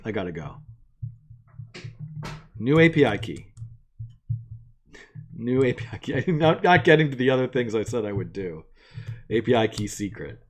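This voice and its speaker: A man hosting a live coding stream, casually thinking aloud and narrating each step as he works from an attic room. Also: on the low side.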